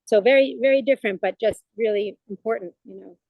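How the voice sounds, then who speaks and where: A woman's voice: medium pitch, brisk, dry recording, narrow, tinny audio. A woman chaplain talking as a guest in a casual, reflective conversation, searching for words with frequent "you know" fillers.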